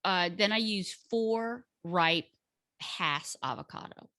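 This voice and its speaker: Slow-talking woman explaining a recipe. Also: mid-range voice, sharp tone, no echo, studio quality. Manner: unhurried, hesitant with fillers, laughs easily. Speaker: guest cook sharing a recipe. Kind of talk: casual recipe chat.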